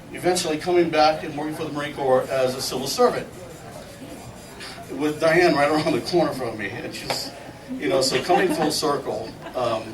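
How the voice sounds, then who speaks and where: A middle-aged man telling folksy, laughing stories at a memorial service, acting out what others said. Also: on the high side. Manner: folksy, laughing, quotes people in lively voices. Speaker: memorial speaker. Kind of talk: informal storytelling eulogy. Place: memorial gathering hall. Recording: echoey room, far from the mic, noisy.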